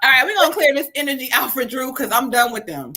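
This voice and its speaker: A woman hosting a casual live stream of card readings, her voice bright and sitting a little high. She jokes, laughs and curses freely with her viewers, then settles into giving the reading. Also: animated, fast talker, slight background noise. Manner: laughing, bantering, profane, addresses viewers directly.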